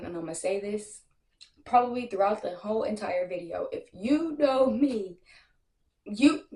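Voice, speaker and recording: A young woman telling a casual storytime, brash and animated, full of slang and profanity, acting out what others said. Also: mid-range voice. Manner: acts out other people's lines in quotes. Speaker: storytime vlogger. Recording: echoey room.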